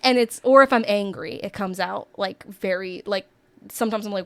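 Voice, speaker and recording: A woman's voice: mid-range voice, normal speed, no room sound. A young woman with a Chesapeake Bay accent co-hosting a pop culture podcast, talking animatedly with many fillers and a slight Southern twang. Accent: Chesapeake Bay region. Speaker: podcast co-host. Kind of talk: casual pop culture chat.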